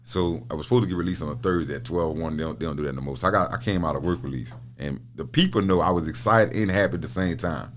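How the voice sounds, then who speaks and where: This middle-aged guest, a prison minister, talks fast in a low voice with hardly any pauses during a casual podcast interview. He tells stories, repeats words and laughs frequently.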